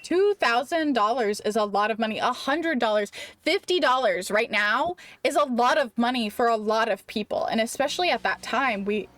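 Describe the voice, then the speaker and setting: Chatty young woman streamer, slightly high voice. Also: normal speed, no room sound. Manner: animated, rambling, heavy use of "like". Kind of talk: casual storytelling during a live game stream.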